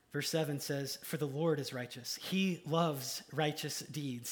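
A man preaching a sermon in a casual, animated way, swinging from loud excited asides to quiet emphasis. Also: mid-range voice. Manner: casual slang-filled preaching. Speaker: pastor.

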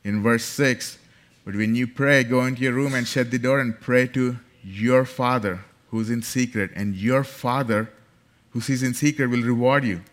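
A man's voice: mid-range voice, steady tone, moderate pace. A man preaching a sermon, emphatic and building in force, repeating key phrases. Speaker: pastor.

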